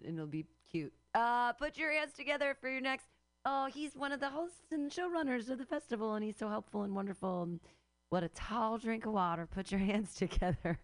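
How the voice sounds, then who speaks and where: Woman emcee, bubbly and effusive, fairly high voice. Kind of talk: introducing comics on stage.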